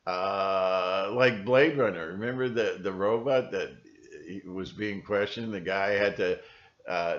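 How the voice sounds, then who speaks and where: Guy rambling to camera, lowish voice, kinda muffled lo-fi sound. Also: fairly bright tone. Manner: rambling, breaks into mimicking voices. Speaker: video channel host. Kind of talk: casual monologue to camera.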